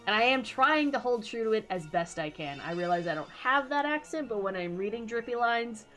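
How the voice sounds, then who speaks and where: A woman's voice: fairly high pitch, expressive, fairly quick, fairly bright tone, faint music behind. A woman streamer giving casual, playful and self-mocking commentary while playing a game.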